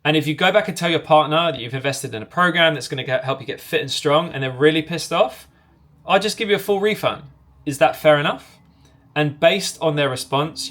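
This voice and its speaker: A man teaching sales technique in a direct, commanding way, voicing both the seller and the customer as he walks through a call. His voice sits a little higher than most men's. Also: fairly bright tone. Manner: acts out both sides of sales calls in quick back-and-forth. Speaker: sales coach. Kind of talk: instructional talk to camera.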